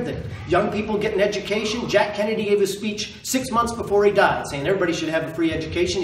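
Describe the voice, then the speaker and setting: A man on the campaign trail speaks with emphatic, repeated phrases and a fairly high voice. He is recorded from across an echoey meeting room, with faint room noise behind him. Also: far from the mic. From Maine. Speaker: political candidate. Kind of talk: campaign stump speech.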